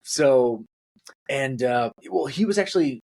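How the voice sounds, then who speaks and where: A young man co-hosting a podcast, chatting casually and rambling through stories, jumping up high when he acts out quotes. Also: lively intonation, unhurried, darkish tone. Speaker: podcast co-host. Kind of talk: casual chat.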